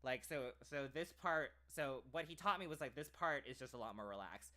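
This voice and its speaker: Casual American male streamer, mid-pitched, chatty and rambling, lots of fillers. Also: moderate pace, bright, forceful tone. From United States. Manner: rambling, full of "like" and restarts.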